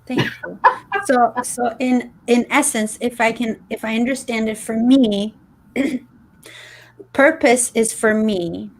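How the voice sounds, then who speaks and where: A woman's voice: a little high, steady tone. A woman hosting a talk show who thanks her guest often and repeats her ideas back to her. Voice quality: slow and appreciative, thanks the guest warmly. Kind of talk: interview chat.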